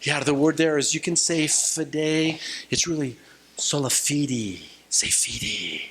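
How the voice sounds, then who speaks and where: High-pitched man, bright voice, playful youth preacher, jokey call-and-response. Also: measured pace, slight background noise. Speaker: retreat speaker. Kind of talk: lively youth sermon.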